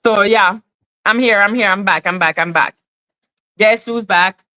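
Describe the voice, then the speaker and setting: A woman's voice: medium pitch, unhurried, pushed and bright. Fired-up woman ranting on a livestream. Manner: indignant, profane ranting with repeated phrases. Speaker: livestream host. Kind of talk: heated live commentary. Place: in Canada.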